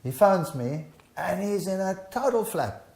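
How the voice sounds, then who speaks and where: In a recording with a roomy echo, an older man being interviewed tells his personal testimony with animated storytelling, acting out the dialogue. His voice is high and creaky, and he speaks at a measured pace.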